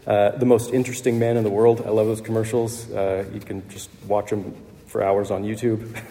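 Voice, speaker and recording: Low-voiced male preacher in a reverberant hall. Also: flat delivery, normal speed, mellow. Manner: conversational, with fillers and light laughs. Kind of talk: sermon.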